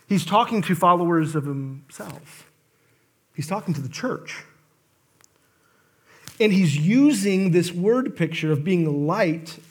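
Husky, animated male preacher. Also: a little high. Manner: animated storytelling with emphatic bursts and asides. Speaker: guest pastor. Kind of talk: sermon.

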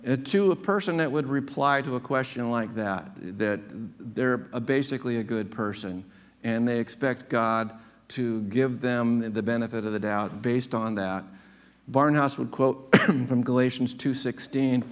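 Man preaching in a conversational way. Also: medium pitch. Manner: conversational preaching with frequent restarts and fillers. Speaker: pastor. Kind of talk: sermon.

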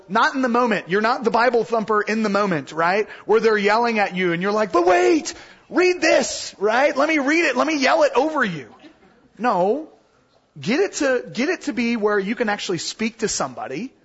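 A high-voiced, husky man teaches scripture to a class in a casual, animated way, acting out the voices he quotes. The recording sounds dull and lo-fi. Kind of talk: Bible teaching.

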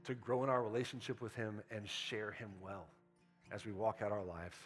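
A man's voice: lowish voice, normal speed. A man preaching a sermon in a casual, conversational way. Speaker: pastor. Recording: soft guitar music behind.

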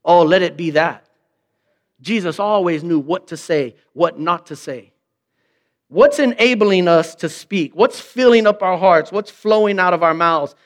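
A man's voice: high voice, a little slow. A man preaching a sermon in a conversational way, asking rhetorical questions and acting out quoted remarks in mock voices. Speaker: pastor.

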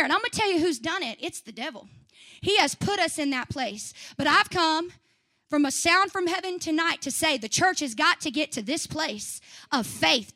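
A young woman preaching a sermon, swinging from fiery shouts to chatty asides. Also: high voice. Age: young adult.

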